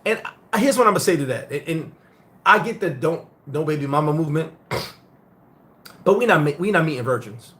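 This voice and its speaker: A middle-aged man who grew up in the United States, hosting a casual live-stream chat and telling stories in a blunt, profane, animated way. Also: on the high side, moderate pace, pauses often. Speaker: host.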